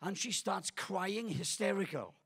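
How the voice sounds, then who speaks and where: A man's voice: sits high, expressive, unhurried, a bit bright, slightly rough. A man in his sixties, a guest pastor preaching a sermon in a church auditorium on a stage microphone, telling stories with humor and self-deprecating jokes. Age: 60s.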